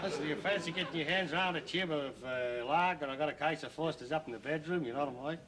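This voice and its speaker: An actor playing a sarcastic, mocking middle-aged son in a sitcom. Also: male voice, a little high, fast, very noisy, close to an everyday voice. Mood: coaxing. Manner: sarcastic, mocking, bursts into silly put-on voices. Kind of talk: sitcom acting.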